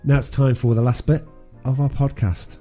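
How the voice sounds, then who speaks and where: A male podcast co-host casually recaps a film's plot, full of ums and restarts. His mid-range voice is warm but flat in delivery, at normal speed, with faint music in the background.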